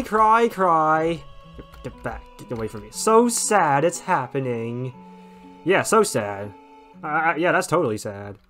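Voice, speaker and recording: A man voicing a flamboyant male robot TV star with a theatrical, drawn-out, mock-tragic delivery. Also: a little high, a bit bright, exaggerated voice.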